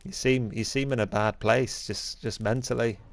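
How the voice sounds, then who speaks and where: A man chiming in as co-commentator on a football game. His voice sits at an ordinary mid pitch, and he keeps his remarks dry and deadpan. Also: normal speed, gravelly.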